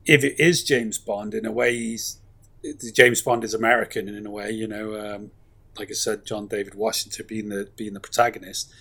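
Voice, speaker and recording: Husky man chatting about films. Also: fairly low pitch, moderate pace, pushed and bright. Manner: rambling, enthusiastic, lots of fillers. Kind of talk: casual film chat.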